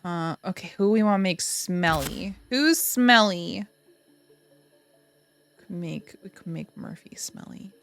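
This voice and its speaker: A woman's voice: lowish voice, steady tone, normal speed, hardly any pauses, a little hiss or hum. A young woman streaming a game, chatting casually, cooing and doting with giggles and sudden gasps. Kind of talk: casual live-stream commentary.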